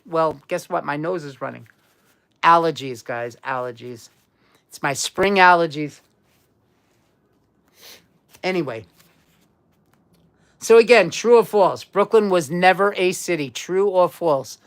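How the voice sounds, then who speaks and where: This livestream trivia host has a fairly low, smooth voice and a moderate pace. She keeps the quiz casual, talking to viewers in a chatty way and repeating herself.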